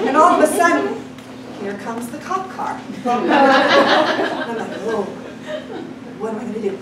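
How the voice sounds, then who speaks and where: A woman's voice: fairly high pitch, fairly quick. A woman telling a personal story to a live audience, acting out the voices of the people in it and laughing often. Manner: animated, acts out quoted voices, laughing often. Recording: echoey room, distant mic, noisy.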